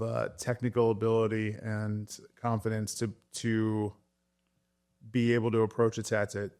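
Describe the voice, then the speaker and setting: A man, a tattoo artist guest, chatting casually and telling stories with swearing and laughter. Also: on the low side. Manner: animated storyteller, swears, laughs often. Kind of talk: casual chat.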